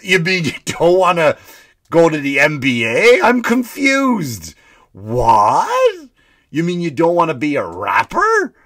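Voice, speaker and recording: A man on a comedy podcast puts on a doddering old politician, high-pitched and louder than his own voice. He drags out his words in slow confusion, stammering and talking down to the listener. The recording is dry and close. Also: huge pitch swings, no room sound, exaggerated voice. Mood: baffled.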